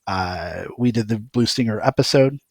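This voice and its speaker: A man's voice: lowish voice, normal speed, vocal fry, dry recording. A man talking as a guest on a podcast, in a hesitant, rambling way with plenty of ums and uhs. His voice is recorded dry and close, with no room sound. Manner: hesitant, many fillers, rambling. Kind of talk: casual podcast chat.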